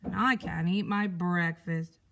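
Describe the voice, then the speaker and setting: A woman voicing a small boy with a loose tooth, yelling and whining loudly in a storybook reading. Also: on the low side, fairly even intonation, measured pace, gravelly, slight background noise. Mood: complaining. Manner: yelling, whiny and loud. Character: little boy with a sore loose tooth, wailing.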